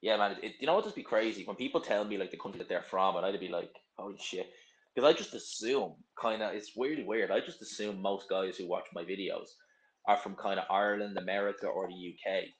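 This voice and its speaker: A young man with a slightly low voice talks casually on a live stream, answering viewer comments. He is blunt and opinionated, and he drifts from point to point. The sound has a roomy echo. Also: fast talker. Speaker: livestream host.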